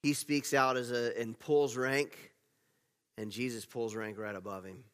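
A man preaching a sermon as pastor, telling the story with animated swings between loud emphasis and hushed asides. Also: mid-range voice, measured pace. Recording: long reverb of a large hall.

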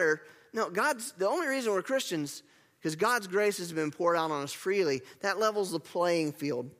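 A bright, high-voiced male pastor delivers an animated sermon, swinging from casual asides to emphatic declarations. His voice rings out in a church sanctuary with a long hall reverb trailing each phrase. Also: normal speed.

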